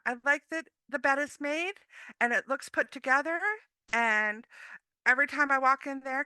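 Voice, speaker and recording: A woman's voice: high-pitched, dry recording. A woman giving an upbeat, chatty motivational talk as a guest speaker, often acting out what others say. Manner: upbeat, chatty, quotes others in lively voices. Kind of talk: motivational talk, casual and personal.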